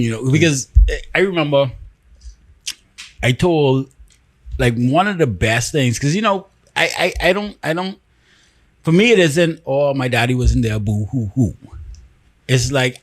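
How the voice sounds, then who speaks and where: A man hosting a casual podcast, talking with animated, emphatic storytelling and frequent restarts. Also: medium pitch, moderate pace, no room sound. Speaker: podcast host.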